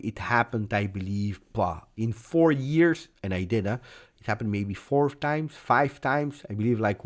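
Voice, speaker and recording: Passionate low-voiced football host. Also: male voice, a little mellow. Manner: passionate, emphatic, rambling. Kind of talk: live post-match fan reaction.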